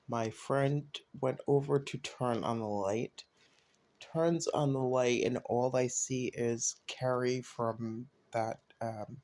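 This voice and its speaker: A man casually telling a personal story, raising his voice when quoting others. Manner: animated retelling, voices quotes with rising pitch. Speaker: storyteller recounting a personal event.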